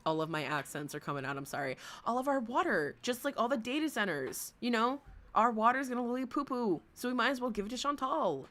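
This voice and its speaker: A woman hosting a livestream, reacting to a clip in blunt, profane, animated casual chat. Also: on the high side, quick pace.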